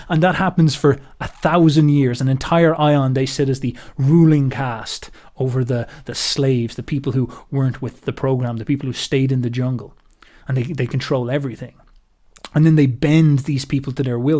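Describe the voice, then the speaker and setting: A man giving a casual philosophical monologue, telling a story in a rambling, animated way and swearing freely. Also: medium pitch. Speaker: philosophy commentator.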